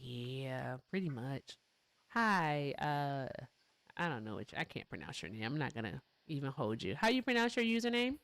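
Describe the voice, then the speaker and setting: A woman's voice: rumbling low, big pitch swings, moderate pace, fairly bright tone. A woman hosting a casual livestream, playful and teasing, laughing often as she quizzes callers. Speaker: livestream host.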